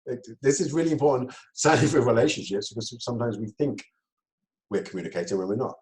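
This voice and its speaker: A man giving a talk on communication, lively, laughing often and acting out quoted exchanges. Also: medium pitch, fast, low-quality recording. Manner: lively, laughs between points, acts out quoted dialogue. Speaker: speaker.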